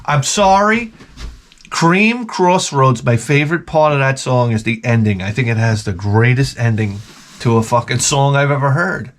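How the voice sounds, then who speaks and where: A middle-aged man rants to his audience in a loose, profane, rambling way, riffing on strangers and his own life. His voice sits at an ordinary pitch but climbs into high mocking voices when he gets going. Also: lively intonation, normal speed. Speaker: podcast host. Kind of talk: crude comedic rant.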